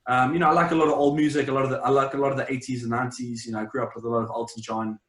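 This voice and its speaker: A young man with a South African accent talks loosely in an interview, circling back with fillers and half-started sentences. His voice sits at a middle pitch and carries a noticeable roomy echo. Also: racing. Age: young adult. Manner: relaxed, rambling, many fillers and restarts. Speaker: interview guest, champion swimmer. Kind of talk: casual interview chat. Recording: roomy, echoey sound.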